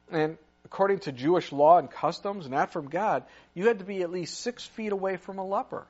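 A man preaching a sermon, retelling a story with lively asides and acted-out voices. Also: a little high. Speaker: pastor. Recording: muffled lo-fi recording.

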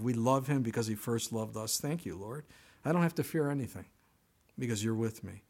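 A man's voice: mid-range voice, moderate pace, a little mellow. A man preaching a sermon, earnest and exhorting, telling stories to make his points. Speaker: pastor.

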